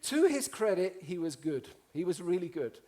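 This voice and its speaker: A man tells funny stories from a stage with lively, joking energy. He slips into other people's voices as he goes, and his voice sits a little higher than most men's. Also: normal speed. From Italy. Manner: animated, joking, acts out voices. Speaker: conference speaker. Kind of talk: humorous storytelling talk. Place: stage before a live audience.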